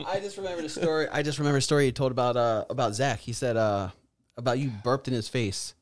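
A man's voice: mid-range voice, quick pace. A man co-hosting a podcast in casual chat, laughing often and swearing freely. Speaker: podcast co-host.

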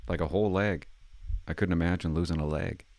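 A man's voice: deep voice, fairly even intonation, fairly quick, a little mellow, no room sound. An older retired man rambling casually to his camera, stumbling over words and swearing now and then. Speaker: retired vlogger playing hotline calls.

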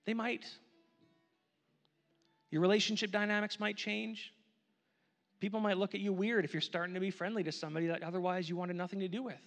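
A male pastor preaching a sermon, earnest and slow on his key lines, repeating phrases for emphasis. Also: high-pitched, steady tone, long reverb tail, soft background music. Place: church sanctuary.

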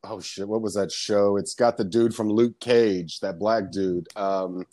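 A man's voice: fairly low pitch, fairly even intonation, a little slow, a little mellow, no room sound, studio quality. A man telling casual stories as a podcast guest, rambling and swearing, laughing often. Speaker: guest, comedian and background actor. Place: lives in Florida.

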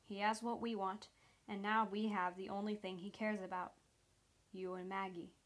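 Calm persuasive male agent, read by a woman. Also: medium pitch, moderate pace, natural voice.

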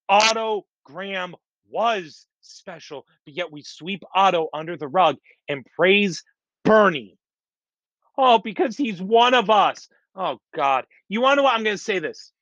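Exasperated high-voiced man ranting. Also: animated, unhurried, fairly bright tone, no echo, dull audio. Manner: exasperated, repetitive, blunt. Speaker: sports podcaster. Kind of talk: ranting sports commentary.

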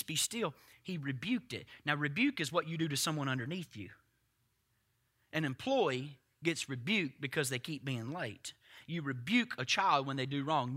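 A man in his thirties preaching a sermon in church, talking straight to the congregation and swinging from quiet asides to loud shouted lines. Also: fairly high pitch. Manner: conversational, addresses congregation directly. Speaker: pastor.

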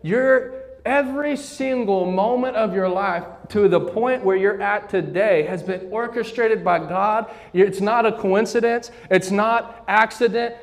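A man preaches a sermon from the pulpit, his voice pitched high. He keeps prompting the congregation to say words back to him. The sound carries a long church-hall reverb. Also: measured pace. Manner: call-and-response preaching, asks congregation to repeat. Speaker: pastor. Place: church sanctuary.

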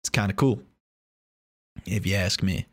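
A man's voice: low voice, measured pace, dry recording, clean studio sound. A young man talking in a casual, rambling monologue, joking and swearing freely.

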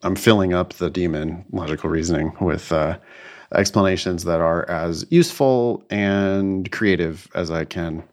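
A young man talking casually as a podcast co-host, relaxed and reflective, often laughing as he talks. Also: low-pitched, unhurried. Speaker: podcast co-host, LSAT tutor. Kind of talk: casual chat.

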